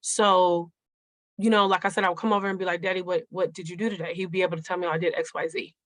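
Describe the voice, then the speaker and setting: Earnest, lower-voiced woman telling a story. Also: little pitch movement, fast talker, fairly bright tone, dry recording. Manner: earnest, conversational, speaks directly to the listeners. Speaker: nurse sharing a personal grief story at a forum. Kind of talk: personal storytelling to a live group.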